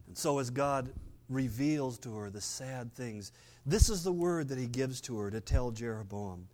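Older man preaching, drops soft for emphasis. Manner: conversational preaching, drops low and quiet for emphasis, quick playful asides. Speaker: pastor. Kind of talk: sermon.

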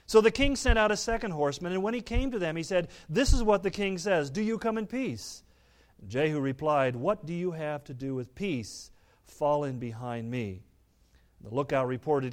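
A man with a fairly high-pitched voice preaches a sermon, reading scripture aloud and explaining it. When he reaches the quoted speech, he turns dramatic and loud.

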